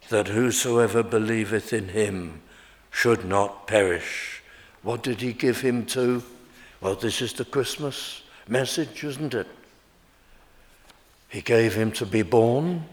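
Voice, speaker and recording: A man preaching a sermon, slow and emphatic, rising in pitch and force on key words. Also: long reverb tail.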